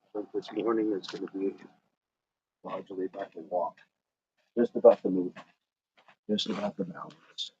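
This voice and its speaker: A man's voice: sits low, steady tone, moderate pace, pauses often, darkish tone, husky, no room sound, dull audio. A man hosting a fitness livestream, chatting casually and encouragingly with viewers while he walks and moves. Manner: upbeat, encouraging, greets viewers by name; walking in place while talking. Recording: noisy livestream audio.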